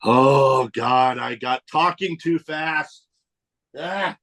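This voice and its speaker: A man co-hosting a casual podcast chat, animated and swearing freely, a little out of breath. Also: mid-range voice. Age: adult with nieces and nephew. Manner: animated, swearing, quick asides. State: a little winded. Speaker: podcast co-host.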